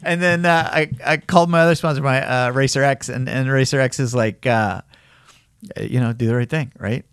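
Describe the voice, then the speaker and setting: A middle-aged man tells a long personal story during a casual podcast chat, animatedly performing the voices of the people involved. His voice is medium-pitched, clear and resonant, delivered at a moderate pace with studio-quality sound and no echo.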